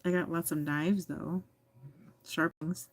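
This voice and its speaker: Low-voiced giggly American woman streamer. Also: steady tone, takes it slowly, dry recording. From United States. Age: adult. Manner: giggly, teasing, chatty. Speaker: livestream host reading chat. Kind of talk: casual livestream chat.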